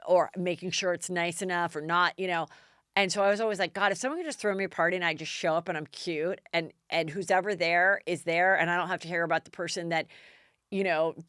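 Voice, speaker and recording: A woman's voice: a bit bright, clean tone, no echo, studio quality. A woman hosting a casual gossip podcast, telling stories in a chatty way and acting out other people's lines. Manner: chatty storytelling, acts out quotes with big pitch jumps. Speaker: podcast host. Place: Los Angeles.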